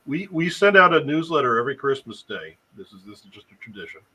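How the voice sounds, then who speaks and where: A male guest in a casual live-stream chat, telling his story in a lively way with chuckles. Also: mid-range voice, fast talker, crowd noise, poor audio.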